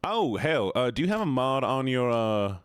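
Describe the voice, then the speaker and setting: A man's voice: medium pitch, sing-song, normal speed, clean tone, no room sound. A man with a Georgian Southern accent, chatting casually with his chat and a co-player while streaming a game. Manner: laid-back, chatty, laughs often, talks to chat.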